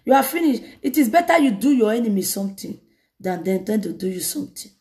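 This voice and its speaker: A woman evangelist preaching a lively sermon, telling a story dramatically. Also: medium pitch, quick pace. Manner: animated, laughing, dramatic retelling.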